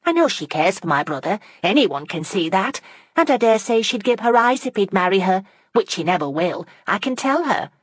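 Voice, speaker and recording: A woman reading an audiobook, voicing a sharp, impatient young gentlewoman who speaks in quick, petulant questions. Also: mid-range voice, big pitch swings, no room sound, voice pushed up. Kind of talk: audiobook character voice.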